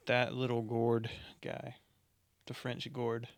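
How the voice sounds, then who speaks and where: Smooth-voiced young man, jokey podcast co-host. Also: monotone, slow, dry recording. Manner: jokey, bursts into high falsetto singing and impressions. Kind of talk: casual chat.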